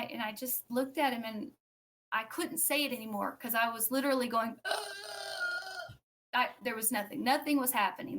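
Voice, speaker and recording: A woman with a somewhat high voice tells a personal story as a podcast guest. She talks in a loose, conversational way and acts out what others said. Her telling is animated, broken up by fillers and restarts. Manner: animated, acts out quoted speech.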